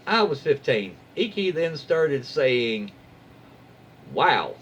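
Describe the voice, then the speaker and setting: Folksy man, lively storyteller. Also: mid-range voice, measured pace, highs cut off, slight background noise. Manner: folksy, wry asides, self-censoring jokes. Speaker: YouTube host reading Reddit stories. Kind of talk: casual story reading with commentary.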